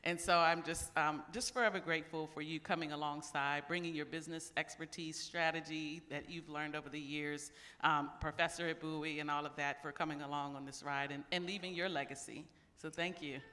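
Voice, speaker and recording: Middle-aged woman organizer, bright voice, heartfelt thanks, reverberant hall. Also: deep voice, fairly even intonation, a little fast, hardly any pauses. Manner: heartfelt, grateful. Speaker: event organizer. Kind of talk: closing remarks and thank-yous. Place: large event hall.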